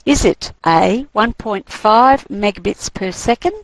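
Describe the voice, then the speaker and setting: Slow-reading woman quiz host. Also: mid-range voice, no room sound, rough recording. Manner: giggly, reads options slowly and deliberately. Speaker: quiz host on a course broadcast. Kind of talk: reading quiz questions on air.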